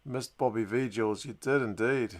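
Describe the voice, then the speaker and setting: Excitable man reacting live to rugby. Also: mid-range voice, moderate pace. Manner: chatty play-by-play that bursts into loud excited shouts and mild swearing. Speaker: host of a live match watch-along. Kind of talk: live sports reaction commentary.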